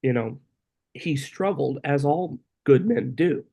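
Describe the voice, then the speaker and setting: Animated, high-voiced male storyteller. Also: takes it slowly, vocal fry. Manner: animated, full of "you know" fillers. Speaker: guest, co-author of a book about his father. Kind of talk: casual interview storytelling.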